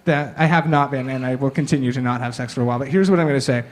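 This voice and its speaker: A man hosting a comedy show, introducing the next act with sardonic, brisk banter from the stage. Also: medium pitch. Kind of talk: stand-up emcee introduction. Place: comedy stage, live audience.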